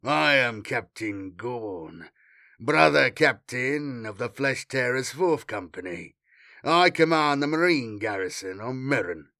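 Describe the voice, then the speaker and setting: A man voicing an arrogant warrior captain who speaks slowly and coolly, in an audiobook reading. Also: lively intonation, pushed and bright, dry recording, studio quality, heavily acted. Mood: cold. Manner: slow, low, coolly dismissive. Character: menacing male warrior captain, cold and arrogant. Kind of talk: audiobook character voice.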